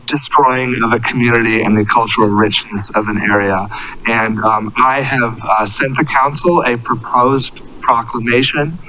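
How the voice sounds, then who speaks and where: Guy in his 30s speaking up at a council meeting, earnest and halting, bright edgy voice, a little hiss behind. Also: mid-range voice, rough recording. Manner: earnest, halting, searching for words. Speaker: public commenter at a city council meeting. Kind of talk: public comment speech. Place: council chamber.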